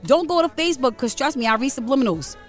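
A woman's voice: high-pitched, lively intonation, fast, faint music behind. A woman in her forties from Rhode Island, co-hosting a morning radio show in blunt, preachy, fiery casual talk. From Rhode Island, USA. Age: 40s. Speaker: radio co-host.

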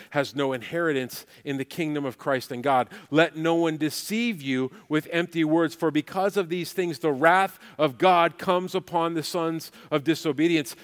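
High-voiced preaching man in a reverberant hall. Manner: emphatic preaching with repeated phrases. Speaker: pastor. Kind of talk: sermon.

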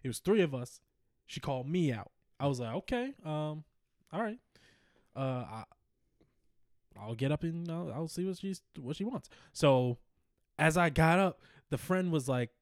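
A man's voice: on the high side, expressive, normal speed, pauses often, darkish tone, no room sound, clean studio sound. A man co-hosting a casual podcast, telling a long story with lots of laughter and acted-out quotes. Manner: rambling, laughs often, acts out quotes. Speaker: podcast co-host.

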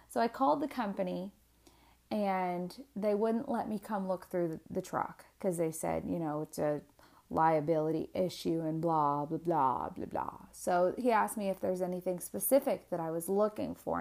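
A single mother in her twenties with a gravelly voice tells a personal story to camera, candid and animated. When she gets upset her voice climbs higher and louder, and she restarts her sentences often.

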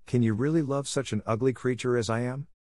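A man voicing a gentle enchanted beast who speaks faintly and softly in an audiobook. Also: medium pitch, fairly even intonation, fairly quick, no room sound, studio quality, pitched above the performer's own voice, lightly acted. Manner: soft, gentle. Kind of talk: audiobook reading.

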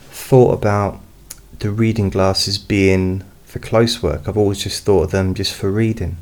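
A man who hosts hypnosis recordings, chatting in a slow, meandering way with many fillers. He is speaking at home into a studio microphone behind a pop filter. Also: low-pitched, fairly even intonation, darkish tone. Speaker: hypnotist host. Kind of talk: casual personal update. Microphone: studio mic with pop filter, not close.

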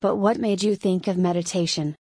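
A woman's voice: lowish voice, fairly even intonation, darkish tone, husky, no echo. A woman reading the lines of a tired, fussy middle-aged inventor who talks wearily, in a dry, close recording. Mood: weary. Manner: tired and yawning, then briskly cheerful. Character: weary, fussy middle-aged man, gadget maker.

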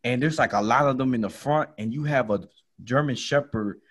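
A man hosting a podcast, telling a comedy story and acting out the voices in it. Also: fairly quick. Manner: lively, acts out quotes with big jumps in pitch. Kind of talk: animated storytelling chat.

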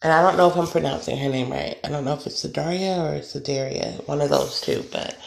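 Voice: mid-range voice, fairly even intonation, brisk, vocal fry. A podcast host venting alone on an episode, talking emphatically, repeating points and swearing. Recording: roomy echo.

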